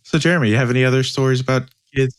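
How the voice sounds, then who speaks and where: A man's voice: mid-range voice, fairly even intonation, very fast, no echo. A man from Louisiana co-hosting a podcast, chatting in a wry, easygoing way and asking questions. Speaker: podcast co-host. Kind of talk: casual chat.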